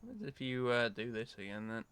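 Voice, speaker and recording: A man giving relaxed, offhand commentary while streaming a game. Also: mid-range voice, normal speed, smooth. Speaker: gameplay streamer. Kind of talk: casual gameplay commentary.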